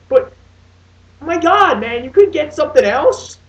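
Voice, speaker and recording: A man's voice: very high voice, very animated, moderate pace. A young man in his late teens ranting in a casual movie review, swearing often and restarting his sentences. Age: young adult. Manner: profane, exasperated, rambling with many restarts. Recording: dull lo-fi sound, distant from mic.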